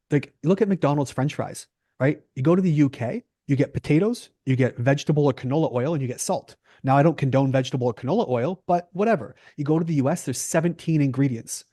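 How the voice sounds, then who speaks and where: A man's voice: mid-range voice, fairly quick, warm tone, dry recording, clean studio sound. A Canadian man, a holistic nutritionist, speaking as a guest in a podcast interview and talking emphatically with rhetorical questions.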